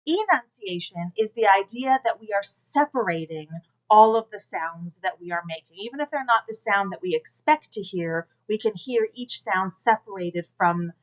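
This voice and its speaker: A woman's voice: mid-range voice, lively intonation, moderate pace, dull audio. A woman instructor giving a recorded class lecture, talking straight to students and coaching them through exercises. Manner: direct, coaching, demonstrates projection aloud. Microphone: camera mic.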